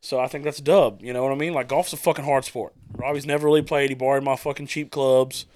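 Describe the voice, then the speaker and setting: Man, casual podcast host, rowdy, profane, mid-pitched. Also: fairly even intonation, quick pace. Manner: loud, swearing, laughing a lot.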